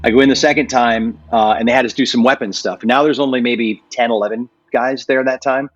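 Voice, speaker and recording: An American man with a slightly husky voice telling his story in a casual interview, acting out the quotes in lively voices. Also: a little fast, dry recording, lo-fi sound. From United States. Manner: animated, acts out quotes with jumps in pitch. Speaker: guest, martial artist and actor.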